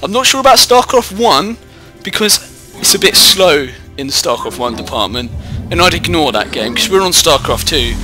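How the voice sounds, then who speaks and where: A man's voice: on the high side, expressive, normal speed, over music. A young British man in his teens giving jokey, rambling live commentary on a strategy game into a headset mic. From Britain. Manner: jokey, rambling, self-mocking. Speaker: gameplay commentator. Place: indoors at home, away from the usual recording spot.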